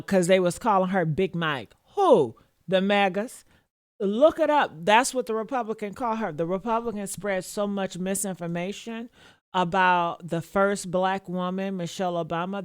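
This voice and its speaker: A woman's voice: mid-range voice, smooth, no echo, clean studio sound. A woman giving casual reaction commentary, sassy and mocking, laughing often and talking straight to her viewers.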